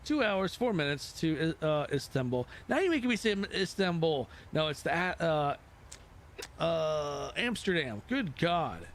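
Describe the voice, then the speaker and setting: A man chatting casually on a live flight sim stream, his voice sitting a little higher than most men's. He rambles from one thought to the next and pokes fun at himself along the way. A faint hiss of noise stays underneath. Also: big pitch swings, unhurried. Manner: rambling, self-mocking asides.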